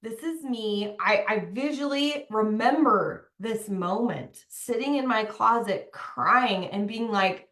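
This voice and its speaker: A woman's voice: fairly high pitch, takes it slowly, few pauses, fairly bright tone. A young woman talking candidly to other mothers in a motivational talk, chatty and emphatic, often saying "like". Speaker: mom coach, podcast host. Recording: echoey room.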